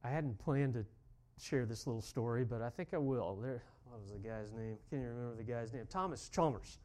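A man's voice: mid-range voice, a little fast, a little mellow. A pastor preaching a sermon, telling a story and then building to fervent, emphatic calls to his congregation.

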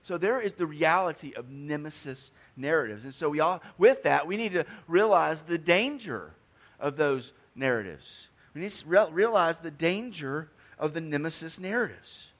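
Preacher with a higher voice. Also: male voice, animated, normal speed, a bit bright. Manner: conversational preaching, acts out quotes. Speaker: pastor. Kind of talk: sermon.

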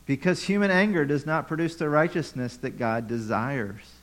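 A man's voice: mid-range voice, moderate pace, few pauses, poor audio. A pastor preaching a conversational sermon to his church, with rhetorical questions and repeated phrases.

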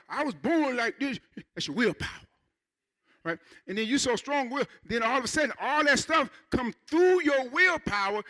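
High, bright-voiced preaching man. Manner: animated preaching with playful asides and acted quotes. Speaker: pastor. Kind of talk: sermon. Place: church.

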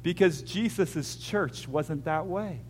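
A man preaching a sermon as pastor, moving between hushed, intimate lines and loud acted-out scenes, with jokey asides. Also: a little high, slow, slightly rough.

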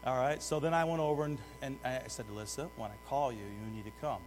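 A middle-aged man preaching a sermon, swinging between loud urgent exhortation and hushed asides while putting direct questions to the congregation. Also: mid-range voice, steady tone, fast talker. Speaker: pastor. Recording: long hall reverb with mains hum.

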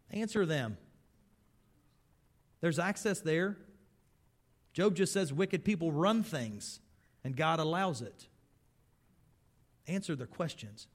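A man preaching a sermon, reading scripture aloud with rising force and dropping quiet when he speaks to the listeners directly. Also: measured pace, long pauses. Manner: reads scripture louder and higher, drops quiet for personal appeals.

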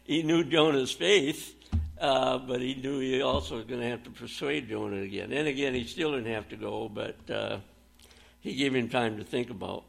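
A man's voice: medium pitch, normal speed, vocal fry. A man preaching a sermon, reading scripture aloud and retelling Bible stories with plain, folksy phrasing and a few fillers.

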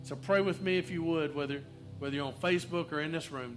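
A man with a slightly high voice preaches in a church, quoting verses and drawing the congregation in with questions. He eases into a hushed, tender tone for the prayer. Faint music plays behind him. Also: fast. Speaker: pastor. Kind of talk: sermon. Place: church, also streamed online.

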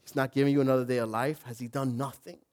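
A male pastor preaching a sermon in an animated way, rising to loud emphasis. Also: medium pitch, quick pace, slight background noise.

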